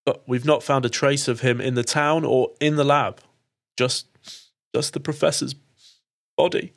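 A man's voice: medium pitch, fairly even intonation, unhurried, vocal fry. A man voicing a shaken, tearful young woman researcher in a tabletop game. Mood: worried.

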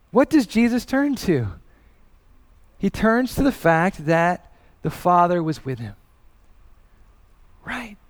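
High-voiced man preaching earnestly. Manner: earnest preaching with personal anecdotes, rising emphasis. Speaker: pastor. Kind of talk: sermon.

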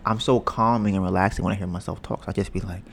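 A young man talks loosely into his podcast mic at home, wandering from topic to topic and joking about his own smooth voice. His voice sits low, with a faint hiss in the background. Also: fairly even intonation, fast talker. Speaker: podcast host. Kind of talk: casual podcast chat. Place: home, storm outside. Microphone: podcast mic with headphones.

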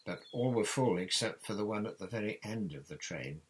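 A man reading a novel aloud in steady audiobook narration. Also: on the low side, fairly quick, low-quality recording. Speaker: reader.

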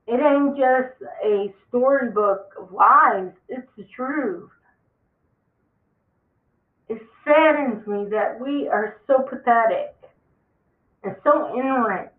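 A speaker giving an impassioned end-times warning monologue, emphatic and preachy, repeating words for stress. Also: mid-range voice. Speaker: religious vlogger. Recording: tinny phone-like sound in an echoey room.

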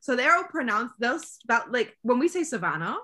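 A young woman with a Bahamian accent tells stories with lively energy and acts out other people's voices. Her voice is bright and slightly high. She sounds quick and expressive. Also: slight background noise. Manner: animated storyteller, acts out voices. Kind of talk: casual chat.

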